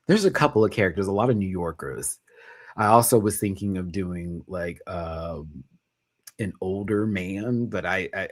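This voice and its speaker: A man, casually reviewing a drag competition on a live stream, animated and quick to laugh. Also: deep voice. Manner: animated, jumps into impressions and laughs often.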